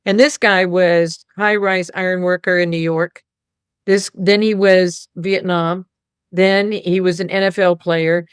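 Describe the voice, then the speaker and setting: A woman's voice: on the low side, fairly even intonation, measured pace, smooth, dry recording, studio quality. A woman hosting a casual spiritual talk, telling a rambling story and quoting others. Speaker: host.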